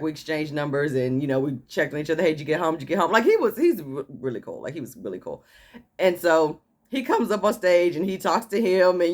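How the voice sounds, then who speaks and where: A woman vlogger casually telling a personal story, acting out what others said and laughing as she goes. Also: sits low. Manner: animated, laughing, acting out quotes.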